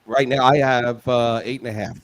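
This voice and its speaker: A man with a medium-pitched, steady voice co-hosts a laid-back show about college football picks, reading them at a moderate pace. He's easygoing, laughs now and then, and at times loses his place amid the casual betting talk.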